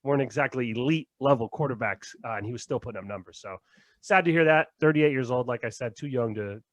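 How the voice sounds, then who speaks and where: A man co-hosting a podcast in casual chat, loose and profane, laughing often and trailing off quietly at the ends of thoughts. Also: medium pitch, fast, no echo. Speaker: podcast co-host.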